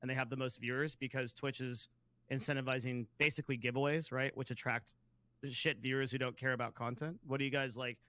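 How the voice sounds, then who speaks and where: A man's voice: mid-range voice, steady tone, a little fast, sharp tone, no room sound. A man co-hosting a casual podcast, earnest, with many fillers.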